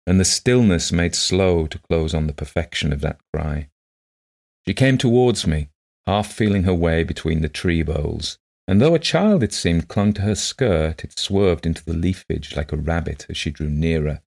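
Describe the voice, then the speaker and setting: A man narrating a classic short story in a measured, literary way. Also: deep voice, lively intonation, gravelly, darkish tone.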